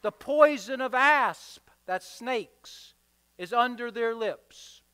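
A man's voice: extremely high pitch, slow pace, sharp tone, clean tone. A man preaching a sermon, driving his points home with rhythmic, emphatic repetition. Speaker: pastor. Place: church sanctuary. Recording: reverberant church hall.

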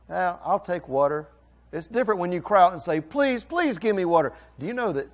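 A middle-aged man, a pastor, giving a playful children's sermon and questioning the kids. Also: on the high side.

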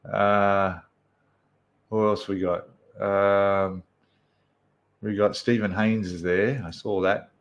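Aussie bloke, lowish voice, chatting on a live stream from his room, lots of ums and g'day mates. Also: fairly even intonation, extremely slow, pauses often, muffled recording. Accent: Australian. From Australia. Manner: chatty, greets viewers by name, many fillers. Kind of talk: casual live-stream chat. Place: apartment room indoors.

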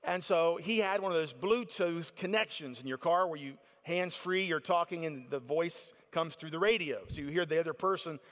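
A middle-aged American man telling a lively story at a faith conference, acting out the excited voices of the people in it. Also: on the high side, normal speed, few pauses, long reverb tail. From United States. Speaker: conference speaker. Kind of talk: storytelling sermon.

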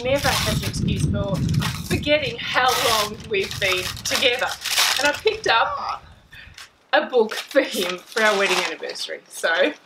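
A woman hosting a casual chat about books, teasing and lively, filmed outdoors on her veranda. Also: fairly high pitch, normal speed, very noisy. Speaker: host.

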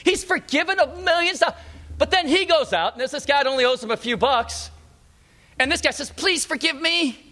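A middle-aged man preaching a sermon in a church, speaking emphatically and slowing down to stress repeated phrases. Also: very high voice, pushed and bright. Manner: emphatic, repetitive preaching with slowed punchlines. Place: church sanctuary.

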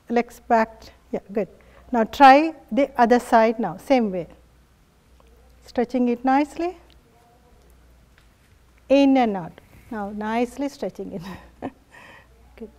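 A woman leads a yoga class at an unhurried pace, her voice sitting a little high. She coaxes her students along gently and encouragingly, with frequent soft laughs. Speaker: yoga instructor. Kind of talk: guiding a family yoga class.

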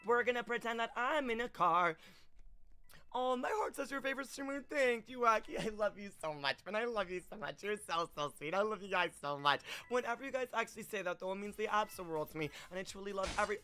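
A man's voice: high-pitched, animated, fast, sharp tone, smooth, faint music behind. A young man live-streaming a game, bubbly and effusive, greeting viewers in a sing-song way.

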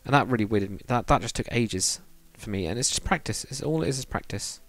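A man's voice: medium pitch, expressive, fast talker, fairly bright tone, no room sound. A young man, chatting casually on a live stream while building in a game, rambling and reading viewer comments aloud.

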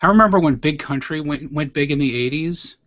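A man's voice: on the high side, a little fast, fairly bright tone, dry recording. A man co-hosting a live podcast, making wry, dry one-liners. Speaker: podcast co-host. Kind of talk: casual live podcast chat. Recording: dry, lo-fi online call audio.

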